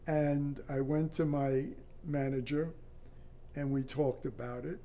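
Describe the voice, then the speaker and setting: An older man with a slightly high but mellow voice tells a story from his years as an air traffic controller. He speaks in a halting, matter-of-fact way, restarting phrases as he goes. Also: steady tone. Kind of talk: recounting a personal story in an interview.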